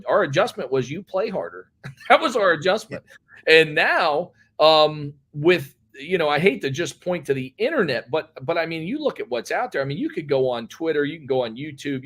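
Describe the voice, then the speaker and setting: A man, a head basketball coach, telling stories in a casual, rambling interview. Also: on the high side. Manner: rambling, animated storyteller.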